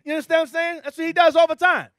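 A man preaching to a room of men, telling animated stories and joking. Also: very high voice, very fast, no room sound, studio quality. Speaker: church leader. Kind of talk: preaching to a men's gathering.

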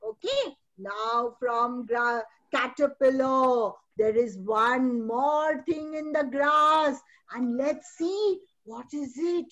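A woman's voice: sits high, takes it slowly, hardly any pauses, a bit bright, muffled recording. A woman, a kindergarten teacher hosting an online fancy dress show, encouraging and storytelling with drama.

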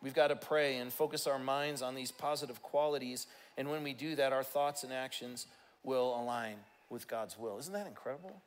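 A man's voice: mid-range voice, moderate pace, low-quality recording. A male pastor preaching a sermon in a church, emphatic and calling out to his congregation.

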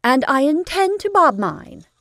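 A woman reading a story aloud and voicing a shy young woman who answers in a soft, halting, hesitant way. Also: sits high, very animated, no room sound, studio quality, voice pushed up, heavily acted. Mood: flustered.

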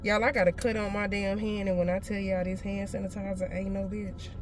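Loud, blunt woman vlogging from her car. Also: medium pitch, little pitch movement, a little fast, noisy background. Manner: loud, blunt and profane, laughing often. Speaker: motivational vlogger. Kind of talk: casual car vlog chat. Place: parked car. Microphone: phone camera.

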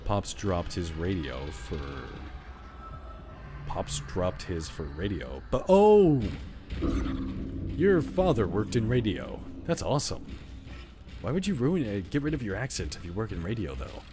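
A man's voice: sits low, sing-song, a little slow. A man streaming a horror video game, joking and chatting casually as he plays and talks back to the game. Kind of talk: casual gameplay commentary. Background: game music.

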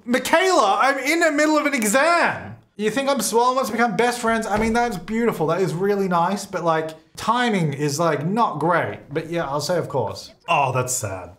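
Animated young man narrating gameplay. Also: fairly high pitch. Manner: animated, exasperated, laughs often. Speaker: gaming video host. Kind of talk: casual let's-play commentary.

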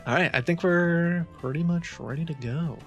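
A man's voice: fairly high pitch, normal speed, over loud music. A male streamer in casual chat who laughs easily.

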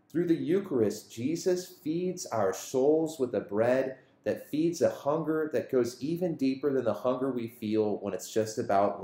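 A man reading the gospel and giving a reflection for schoolchildren, earnest and storytelling, slowing down on key lines. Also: mid-range voice, warm tone. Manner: earnest, storytelling, slows for emphasis. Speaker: school chaplain. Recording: echoey room.

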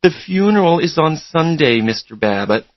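A man's voice: on the high side, big pitch swings, moderate pace, dry recording, highs cut off, voice pushed up. A man reading a storybook, voicing a polite young woman who calls on a lawyer's behalf, formal and apologetic.

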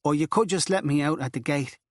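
A man's voice: fairly high pitch, brisk, no echo, studio quality, voice pushed up, natural voice. A man voicing a desperate young Dublin girl. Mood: pleading, desperate. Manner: urgent, begging.

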